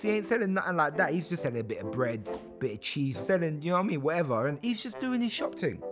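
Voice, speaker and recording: A man's voice: a little high, sing-song, fast, music in the background. A man, retelling history as comic storytelling in slang, acting out the voices.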